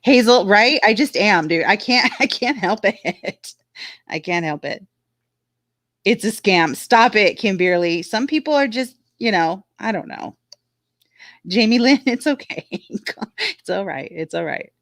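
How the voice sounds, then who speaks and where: A woman's voice: medium pitch, lively intonation, a little slow, a bit bright, no echo, clean studio sound. A woman casually chatting on a livestream, frank and talkative, reading viewer comments aloud. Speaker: livestream co-host reading chat.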